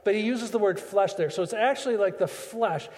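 A man's voice: high voice, brisk, a little mellow, long reverb tail. A man preaching a sermon as pastor, chatty and full of rhetorical questions.

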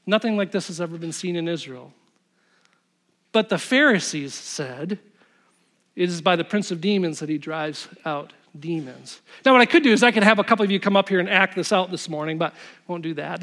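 A man pastor giving a conversational sermon to a congregation, with quick interactive asides and scripture reading. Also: high voice, fairly bright tone.

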